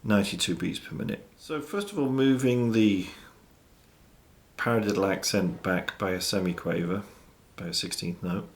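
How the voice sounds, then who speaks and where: A man teaching drum exercises in a measured, methodical way, counting out stickings. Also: lowish voice. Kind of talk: instructional explanation. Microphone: studio mic with monitor system.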